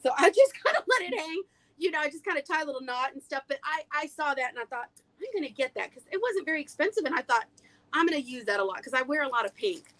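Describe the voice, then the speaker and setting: A woman's voice: high voice, lively intonation, fast, a bit bright. A woman hosting a casual vintage haul livestream, a chatty storyteller who laughs often, on a webcam. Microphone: webcam on a video streaming app.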